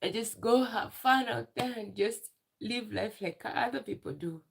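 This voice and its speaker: A young woman chatting on a phone livestream from a village house, halting and tearful as she answers viewers. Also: a little high, vocal fry, breathy edge. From Uganda. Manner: slow and halting, emotional, answering viewer comments. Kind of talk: casual livestream chat.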